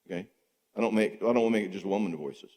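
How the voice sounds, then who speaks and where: A man's voice: on the low side, very fast. A middle-aged man giving a conversational teaching talk at a marriage conference, acting out spouses' lines. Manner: animated, acts out spouses' dialogue. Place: church hall. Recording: long reverb in a church hall.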